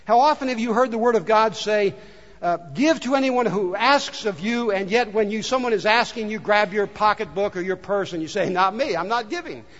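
A man preaches to his congregation, his voice pitched high. He asks question after question in a conversational way, and the dull recording carries the long reverb of a large hall. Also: normal speed, a bit bright. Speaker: pastor. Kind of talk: sermon. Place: church sanctuary.

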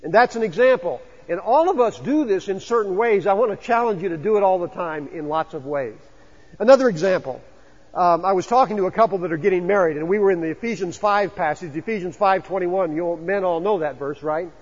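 Male pastor, high and husky, preaching in a church with long reverb; chatty, questions the room. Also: a little fast, highs cut off. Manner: conversational, asks the congregation questions. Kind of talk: sermon. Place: church sanctuary.

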